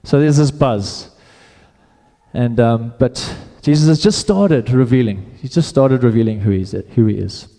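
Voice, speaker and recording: A man's voice: mid-range voice, moderate pace, hardly any pauses, warm tone, long reverb tail. A man preaching a sermon in a casual, conversational way, often restarting his phrases.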